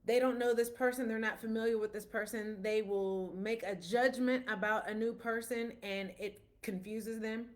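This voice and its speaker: A woman's voice: on the high side, fairly even intonation, moderate pace, few pauses. A woman, a parent, giving a casual explanatory talk about autism, telling stories with quoted dialogue in a conversational way.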